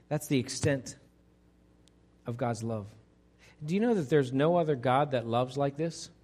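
A pastor preaching a conversational sermon to his congregation, swinging between loud emphasis and quiet, hushed lines. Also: mid-range voice, animated, a little slow, pauses often. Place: church sanctuary.

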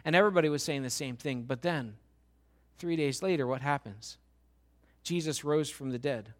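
A middle-aged male pastor preaching with a high-pitched voice. He drops low and slow for tender moments, then rises to loud, pressing questions. His sermon delivery is conversational and earnest. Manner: swings from hushed and slow to loud and emphatic.

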